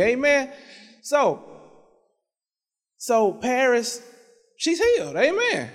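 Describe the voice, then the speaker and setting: A man's voice: high voice, animated, normal speed, big-room sound. A man preaching in a church, telling a personal testimony with many amens and half-sung repeated phrases. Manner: conversational storytelling with frequent amens. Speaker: pastor. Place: church sanctuary.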